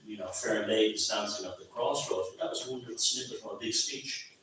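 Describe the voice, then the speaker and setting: A man's voice: lowish voice, fast talker, few pauses, fairly bright tone, slight background noise. An Irish man giving an informal, rambling talk at a book launch, full of asides and restarts. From Ireland. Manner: rambling, conversational, many restarts. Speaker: author speaking at his book launch. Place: pub function room. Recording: very echoey, distant, lo-fi room recording.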